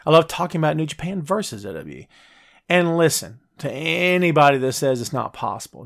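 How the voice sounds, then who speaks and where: A man hosting a laid-back wrestling talk show, riffing through his picks in an easy, chatty way. His voice sits at an average pitch for a man. He talks straight to the viewers and breaks into quick high-pitched voices when he quotes wrestlers. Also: a bit bright. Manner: chatty, jokey, addresses live viewers directly. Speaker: podcast host.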